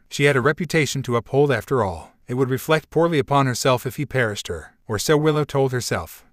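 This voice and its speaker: A man reading fan fiction aloud at an even, measured storytelling pace. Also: medium pitch, no room sound, clean studio sound. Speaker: fanfiction reader.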